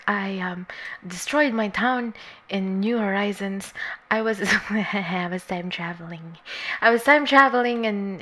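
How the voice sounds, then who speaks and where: A woman streamer chatting casually with her viewers, bubbly and giggly, greeting each one and sometimes dropping into a soft, coaxing near-whisper. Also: medium pitch. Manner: bubbly, giggly and scatterbrained, greets chat warmly. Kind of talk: casual live-stream chat.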